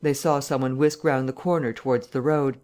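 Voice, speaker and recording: An audiobook narrator reading a classic novel in a steady, even storytelling manner. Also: medium pitch, moderate pace.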